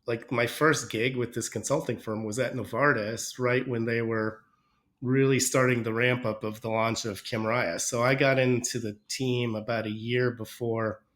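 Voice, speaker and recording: A man's voice: mid-range voice, fairly even intonation, normal speed, fairly bright tone. Man with a stuffy, nasal voice. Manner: rambling, self-correcting storyteller. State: stuffy nose from a cold. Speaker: podcast guest. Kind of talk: casual interview chat.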